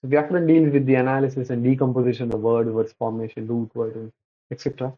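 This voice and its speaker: A man giving a slide-based religious lecture, pausing often and correcting himself mid-word. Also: medium pitch, little pitch movement. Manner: halting, many restarts and self-corrections. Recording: dull lo-fi recording.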